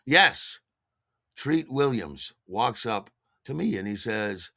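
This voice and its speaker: Male podcast host, bright tone, animated and enthusiastic storyteller. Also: mid-range voice, slow, vocal fry, no echo, studio quality.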